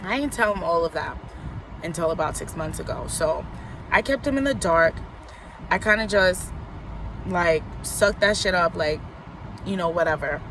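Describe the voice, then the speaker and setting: A woman's voice: fairly low pitch, normal speed, pauses often, background noise. A young woman from New York vlogging a personal story in a casual, rambling way, full of likes and you knows.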